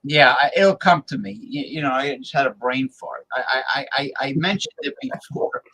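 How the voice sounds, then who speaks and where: A man's voice: medium pitch, moderate pace, bright, forceful tone, slight background noise, rough recording. A man from New Jersey hosting a casual talk show, rambling and stalling on many fillers as he hunts for words. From New Jersey, USA. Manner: rambling, full of hesitant fillers. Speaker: host.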